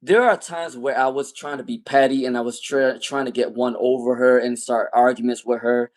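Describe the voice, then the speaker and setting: A man in his thirties telling a personal story in casual monologue, emphatic and animated, often repeating his points. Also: medium pitch, normal speed. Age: 30s. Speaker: tarot channel host.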